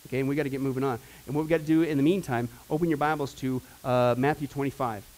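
A man teaching a Bible class in a casual, rambling way, with joking asides and bursts of loud preaching. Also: mid-range voice, steady tone, racing, low-quality recording.

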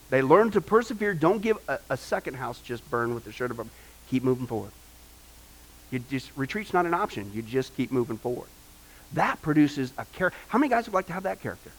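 A male pastor preaching a sermon, telling family stories in an animated way with many "uh" fillers. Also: high-pitched.

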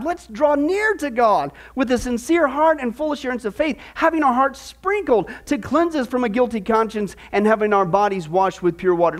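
Guy teaching bible class, high voice, cracks jokes n does silly voices. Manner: jokey, teasing asides, mock voices for the proud. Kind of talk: church discipleship class teaching.

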